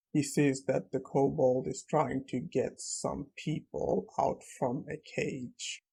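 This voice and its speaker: A man's voice: mid-range voice, vocal fry, dark tone, breathy edge, low-quality recording. A man narrating a comic story recap in a plain, matter-of-fact way.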